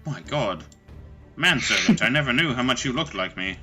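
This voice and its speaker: A man voicing a startled townsman in a tabletop game, exclaiming in quick, surprised bursts. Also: mid-range voice, lively intonation, over music, natural voice. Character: startled man meeting his double.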